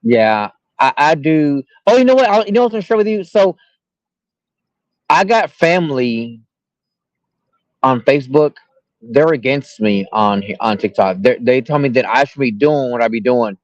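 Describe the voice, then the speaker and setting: A man's voice: medium pitch, expressive, moderate pace, dry recording. A man who is a guest in a casual chat, talking candidly and rambling as he repeats his words. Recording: dull, lo-fi sound.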